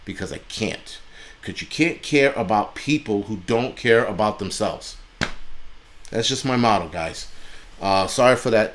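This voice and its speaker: A man hosting a livestream, ranting angrily and bluntly with heavy profanity and mocking asides. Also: on the low side. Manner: angry, blunt and heavily profane, mocking voices in quotes. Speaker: livestream host. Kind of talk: profane political rant on a livestream.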